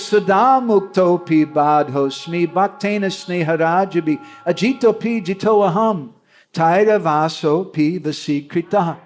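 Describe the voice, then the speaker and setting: A man's voice: on the high side, a little mellow. A man giving a devotional talk, telling stories animatedly and checking in with his listeners. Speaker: devotional storyteller.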